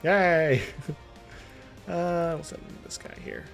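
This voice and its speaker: A man's voice: medium pitch, lively intonation, measured pace, creaky, darkish tone, faint music behind. A man streaming a strategy game live, rambling through his thoughts aloud in a jokey, self-amused way. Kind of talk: casual strategy-game commentary.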